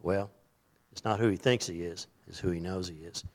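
A man's voice: deep voice, fast talker, darkish tone. A man preaching a sermon in a conversational way, reading scripture aloud and acting out the voices in it. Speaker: pastor.

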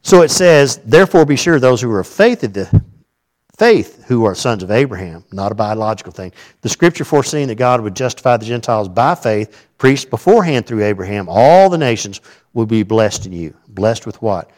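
A man preaching a conversational sermon, teaching through a scripture passage with asides and big swings between loud emphasis and quiet remarks. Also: mid-range voice, expressive, a little fast. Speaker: pastor.

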